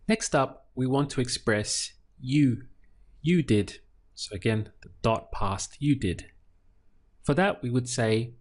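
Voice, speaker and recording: Guy teaching a spanish lesson, super slow, says each word twice, middle pitch. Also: a little mellow. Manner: patient, repeats each word for practice. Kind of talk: slow, deliberate language lesson.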